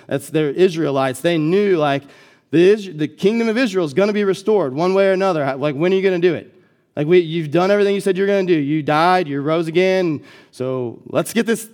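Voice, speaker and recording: A man's voice: on the high side, a little mellow. A young American man preaching a sermon as a guest pastor, in a casual, conversational way with lots of filler words. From United States.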